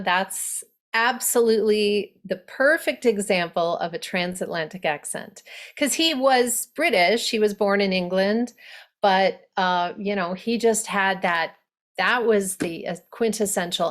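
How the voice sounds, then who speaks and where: A woman dialect coach teaching an online workshop over a video call, speaking with animated enthusiasm. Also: mid-range voice, a little slow. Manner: animated, enthusiastic, laughs easily.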